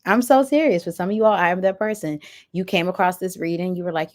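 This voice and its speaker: A woman with a fairly low, darkish voice and quick pace gives a pick-a-card tarot reading. She reads oracle messages aloud, breaking into playful, chatty asides to her viewers.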